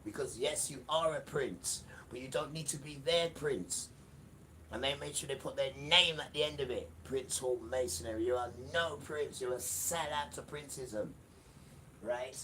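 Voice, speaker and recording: Speaking a little slowly in a mid-range voice, a man delivers a forceful livestream sermon, circling back to repeated phrases and talking right to the listener. A faint hiss or hum sits under the recording, which comes from a distant mic with loud music in the background.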